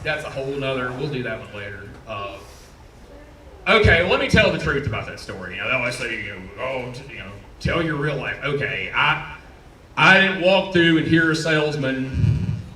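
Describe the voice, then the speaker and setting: On a comedy club stage, a Southern US man in his forties rambles through a self-deprecating, profane stand-up set. His medium-pitched voice swings widely in pitch, sounding pushed and bright at a moderate pace. He's far from the mic, so the club sounds roomy, with slight background noise.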